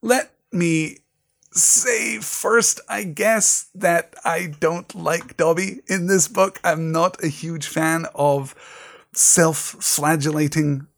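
A man's voice: a little high, slow pace, creaky, a bit bright. A man leading a literature seminar, talking in a thoughtful, digressive way with restarts. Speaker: seminar leader.

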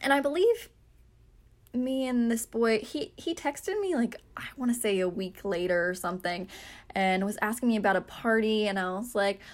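A woman's voice: mid-range voice, animated, moderate pace. A young woman hosting a podcast, telling a story in a chatty, self-mocking way with lots of fillers. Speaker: podcast host. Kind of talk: casual storytelling.

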